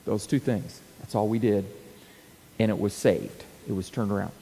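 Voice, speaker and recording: A man's voice: fairly low pitch, normal speed, slight background noise. A middle-aged man giving a teaching talk for church leaders, telling stories and acting out quotes and sound effects. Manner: animated storyteller, acts out quotes and sound effects. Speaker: speaker coaching church leaders. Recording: long hall reverb.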